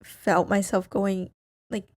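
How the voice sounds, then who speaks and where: A woman's voice: medium pitch, level tone, slow pace, a little mellow. A young woman co-hosting a casual podcast from home, playful and teasing with her partner. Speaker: podcast co-host. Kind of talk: casual chat.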